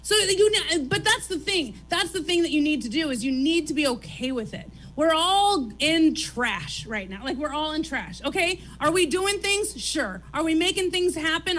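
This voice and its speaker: Brief: woman talk-show host, high and lively, swearing, animated stage rant. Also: slight background noise. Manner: animated, profane, rapid-fire ranting. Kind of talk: stand-up style chat on stage. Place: comedy theater stage.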